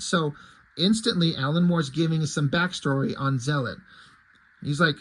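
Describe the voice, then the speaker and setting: A man talks through a comic book in a relaxed, rambling review, with a voice that sits a little high and has a husky edge. He drops the odd swear word and reads the characters' lines out in a plain way. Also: moderate pace, rough recording. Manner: chatty and loose, swears casually; paraphrases dialogue in a plain reading voice. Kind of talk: casual comic review chat.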